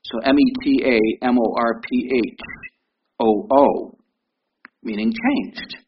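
A man's voice: mid-range voice, big pitch swings, slow, vocal fry. A man in his fifties preaching a sermon in a conversational way, often repeating words and asking his listeners questions. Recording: dull lo-fi recording with faint noise.

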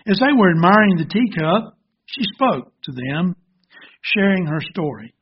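A man's voice: high voice, very animated, husky, lo-fi sound. A man preaching a sermon, earnest and illustrative, telling a parable. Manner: slow, earnest, gently illustrative. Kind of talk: sermon with storytelling.

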